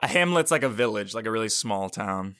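A man co-hosting a comedy podcast, trading deadpan jokes and playful exaggerations in casual banter. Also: fairly low pitch, a little fast, clear, resonant tone. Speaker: podcast co-host.

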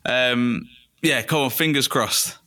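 Bright-voiced, chatty man. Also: mid-range voice, slow. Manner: relaxed and chatty, with frequent restarts. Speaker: podcast guest. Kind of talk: casual interview chat.

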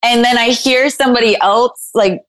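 A woman's voice: fairly high pitch, steady tone, normal speed, low-quality recording. A woman chatting as a podcast guest, giggly and chatty. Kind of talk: casual chat.

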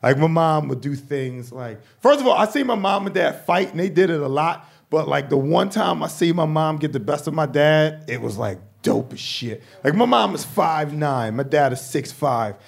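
A man doing stand-up with a high, gravelly voice and a profane, animated delivery. He acts out the people in his stories, often pushing up into shouts. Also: normal speed, hardly any pauses. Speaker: stand-up comedian. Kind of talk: stand-up routine.

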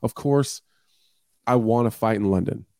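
A man with a low, mellow voice talks frankly as a guest fighter, often restarting his sentences. The sound is dry and close, with no room around it. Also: measured pace, no room sound. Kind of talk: casual sports chat.

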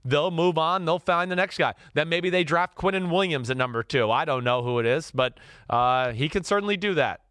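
A man's voice: on the high side, normal speed, fairly bright tone, smooth, no room sound, studio quality. A man from New Jersey, a guest on a sports talk show, ranting with strong opinions. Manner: opinionated, goes off in rants. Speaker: guest analyst.

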